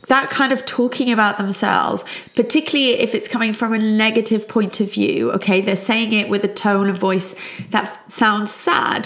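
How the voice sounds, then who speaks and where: A middle-aged woman, a child psychologist, calmly and reassuringly explaining parenting advice. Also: mid-range voice. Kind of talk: parenting advice talk to camera.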